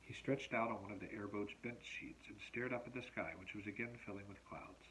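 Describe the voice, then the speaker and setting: A male teacher reading a novel aloud at home, expressive and measured in his storytelling. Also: on the low side, slight background noise, low-quality recording.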